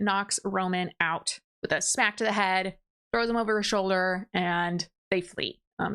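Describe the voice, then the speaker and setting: A woman book reviewer retells a story in a relaxed, chatty way. Her voice is smooth and clear, sitting at an ordinary middle pitch. She keeps things moving with quick asides and little impressions of the characters. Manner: briefly mimics characters' lines. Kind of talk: casual plot recap.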